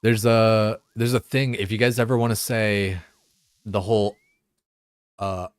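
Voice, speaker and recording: Low-voiced man rambling while gaming. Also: level tone, a little slow, no room sound, clean studio sound. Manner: rambling, profane, heavy filler words. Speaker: streamer. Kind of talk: casual chat while gaming.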